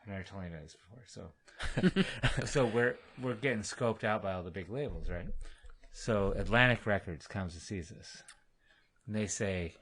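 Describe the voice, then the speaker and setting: A man, a musician guest on a podcast, telling animated stories in casual chat and acting out what others said. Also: lowish voice, normal speed, husky. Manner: animated, laughing, acts out quotes in other voices. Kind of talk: casual storytelling.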